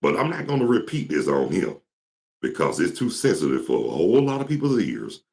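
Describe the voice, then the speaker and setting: A man's voice: sits low, wildly swooping pitch, fairly quick, creaky, darkish tone. A man from Georgia, hosting his talk show in a casual, rambling storytelling way. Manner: rambling, storytelling, mimics singers.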